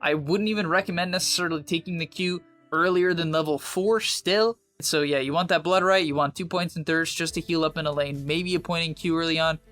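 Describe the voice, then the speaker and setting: A young man in a casual, confident gameplay guide, giving quick, emphatic advice with slang. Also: on the high side, fairly even intonation, a bit bright, faint music behind. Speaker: game guide presenter.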